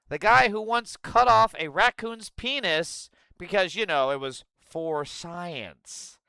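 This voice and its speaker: A man hosting a livestream, ranting profanely and sarcastically and breaking into yelling outbursts. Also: a little high, very animated, normal speed, hardly any pauses, smooth, no room sound. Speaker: livestream host.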